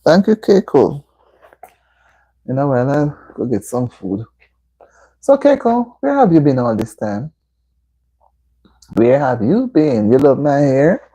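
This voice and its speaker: Speaking from an indoor room at home, this Jamaican livestream host has a rumbling low, husky voice with warm tone and big swings in pitch. She talks a little slowly while chatting casually with viewers, offering motherly advice in reply to their comments.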